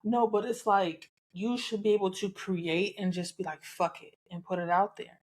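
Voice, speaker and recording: A woman's voice: medium pitch, normal speed, a little mellow. Southern-accented woman host, frank solo podcast talk, casual and outspoken, mid-range voice. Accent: Southern American. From American South. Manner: candid, chatty, frequent laughs and cussing.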